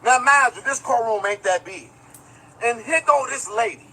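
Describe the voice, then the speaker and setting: Talking straight to his viewers and reading their chat aloud, a man livestreams casual commentary built around a meandering, foul-mouthed story. He sounds very high-pitched, bright and forceful, with lively intonation at a moderate pace; the low-quality audio carries a little hiss or hum.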